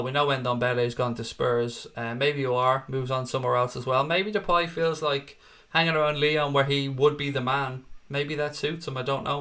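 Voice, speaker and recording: A man's voice: medium pitch, fairly bright tone. An Irish man hosting a fan channel, chatting casually and rambling through viewer comments with self-deprecating asides. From Ireland. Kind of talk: casual live-chat commentary.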